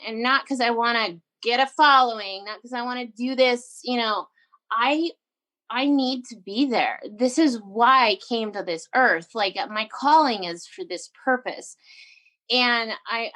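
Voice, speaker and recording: Animated woman, bright voice. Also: fairly high pitch. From Canada. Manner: animated, emphatic, quotes herself and others. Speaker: guest entrepreneur. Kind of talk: casual storytelling interview.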